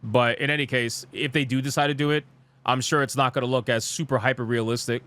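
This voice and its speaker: A man's voice: medium pitch, fairly even intonation, quick pace, a bit bright. A young man streaming live, reacting to gaming news and reading comments aloud in a blunt, exasperated, profane rant.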